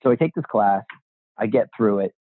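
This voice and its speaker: A man with a lowish, expressive voice speaks at a normal pace, and there's no room sound. He's a real estate agent guesting in a casual interview, telling his story while acting out quoted voices and swearing freely, all captured in a dry, tinny, phone-like recording.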